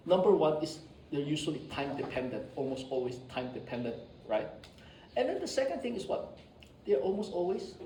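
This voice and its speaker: A man's voice: on the high side, a little hiss or hum. A man teaching an engineering class, joking with students and often checking in with "right?" and "okay?". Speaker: engineering professor. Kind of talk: classroom lecture. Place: lecture room. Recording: echoey classroom, distant mic.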